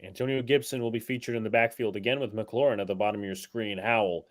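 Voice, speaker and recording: A man's voice: lowish voice, steady tone, fast talker. A man doing live play-by-play on a fan stream, his voice jumping up on big plays. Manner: calls plays, voice jumps up on big plays. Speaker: play-by-play commentator. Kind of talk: livestream play-by-play commentary.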